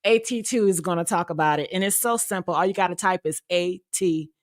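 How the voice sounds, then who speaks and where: A woman hosting a casual gossip stream, telling stories in a sassy, animated way. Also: on the low side, fairly quick, no room sound. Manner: sassy, animated storytelling with acted-out quotes. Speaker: show host.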